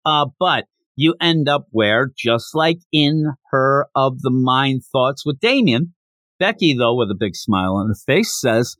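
A podcast host with a mid-range voice casually recaps a manga chapter at an unhurried pace. He is animated and jumps into character voices, and the recording has no room sound.

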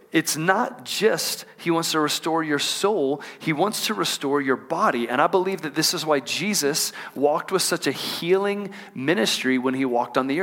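A man preaching a sermon as pastor, reading scripture slowly and calling on the congregation to repeat after him. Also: a little high, a bit bright. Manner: call-and-response preaching, asks the congregation to repeat lines; drawn-out emphatic scripture reading. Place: church auditorium.

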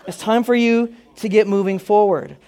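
A male pastor preaching a sermon to a church, telling funny stories in a lively way. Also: sits high, moderate pace, some chatter behind. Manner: animated, humorous storytelling. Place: church auditorium.

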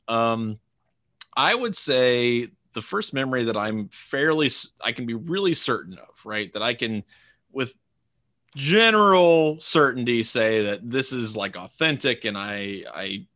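A man's voice: lowish voice, pushed and bright, no echo, studio quality. A man co-hosting a podcast, chatting reflectively in a casual way with frequent ums. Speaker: podcast co-host. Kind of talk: casual chat.

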